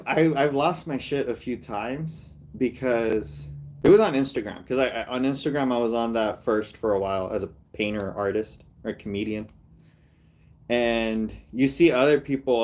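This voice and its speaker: A man's voice: medium pitch, moderate pace, a little mellow. A male artist and comedian in casual livestream chat, rambling and mocking, with frequent laughs.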